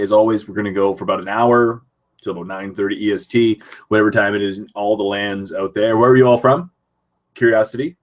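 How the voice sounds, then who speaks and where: A young man from Canada with a lowish voice hosts a casual live stream from his home computer. He reads viewer messages aloud and answers them in an easygoing chat.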